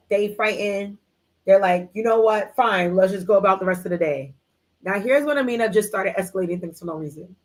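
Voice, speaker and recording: A woman hosts a live book club from her computer, recapping a story in loose, slangy chat. She acts out the characters' back-and-forth as she goes, and her voice sits at an ordinary middle pitch. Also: poor audio. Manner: animated storytelling, acts out characters' lines in quotes; slangy, chatty, many fillers like "like" and "um". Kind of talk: casual live book discussion.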